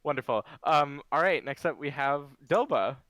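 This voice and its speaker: A man narrates a tabletop game as game master, relaxed and often laughing. His voice is bright and fairly high, recorded close and dry. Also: moderate pace, no room sound. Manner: laughing, easygoing.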